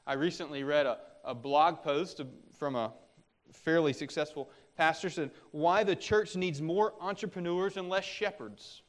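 A man's voice: on the high side, unhurried. A middle-aged man preaching a sermon as a pastor, earnest and exhorting, pressing harder on his warnings.

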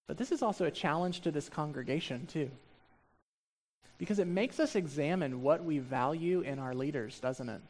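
A male pastor preaching a sermon, shifting between quiet, reflective asides and loud, emphatic stretches. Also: on the high side, lively intonation, normal speed.

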